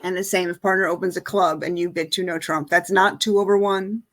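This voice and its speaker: A woman's voice: on the low side, steady tone, a little fast, a bit bright. Woman, middle-aged, bridge teacher, chatty, casual explaining, lots of ums and likes. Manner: casual explaining, many fillers. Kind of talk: online lesson.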